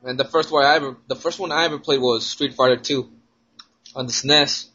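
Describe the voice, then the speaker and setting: A man's voice: medium pitch, fairly even intonation, fairly quick, bright, forceful tone, husky, highs cut off. A young man in casual chat with friends, easygoing and teasing.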